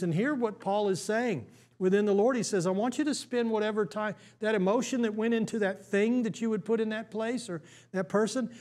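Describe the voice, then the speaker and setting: An American man, a pastor, preaching a sermon in a conversational way, full of restarts and stammers. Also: sits high.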